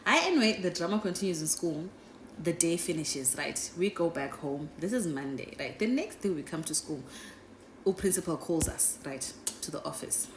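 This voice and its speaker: A young woman with a low voice tells a rambling storytime, chatty and animated. She keeps tossing "right?" and "guys" at her listeners. Her voice bounces off an echoey room, with a faint hiss underneath. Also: moderate pace. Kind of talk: casual storytime.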